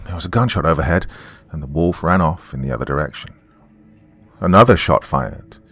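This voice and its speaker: A man narrating a scripted horror story in a measured, dramatic way as podcast host. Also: very deep voice, expressive, fairly bright tone.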